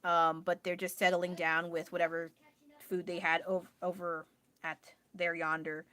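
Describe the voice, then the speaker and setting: A woman's voice: fairly low pitch, level tone, moderate pace, bright, forceful tone. A woman chatting casually on a livestream about her art, rambling and joking about herself. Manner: chatty, rambling, self-deprecating. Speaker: livestreaming artist. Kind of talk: casual chat. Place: home, indoors. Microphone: phone.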